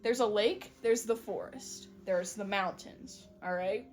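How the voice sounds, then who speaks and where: A woman's voice: mid-range voice, a little slow, a little mellow, faint music behind. A young adult woman chatting casually, giggly and slangy as she retells a story. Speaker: podcast co-host. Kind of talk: casual chat.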